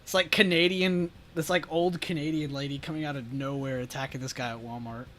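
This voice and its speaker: A man's voice: a little high, fairly even intonation, a little fast, fairly bright tone. Laid-back man chatting on stream. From United States. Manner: laid-back, laughs often, reacts to chat. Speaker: stream host. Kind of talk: casual livestream chat.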